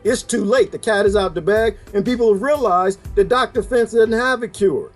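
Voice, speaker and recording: Brief: high-pitched man, fiery self-made vlogger rant, faint music underneath. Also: moderate pace. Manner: heated, preachy, fires rhetorical questions. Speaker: video blogger. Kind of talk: ranting monologue to viewers.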